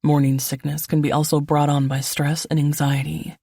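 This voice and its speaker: A woman narrator voicing a protective, commanding man in a calm, firm tone, close to her own low voice. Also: moderate pace, creaky, husky, dry recording, full character voice. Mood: firm caring.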